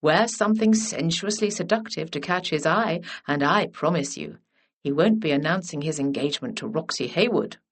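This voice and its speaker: A woman voicing an imperious elderly aristocratic dowager who speaks in a brisk, commanding way, in a storybook reading. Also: low voice, lively intonation.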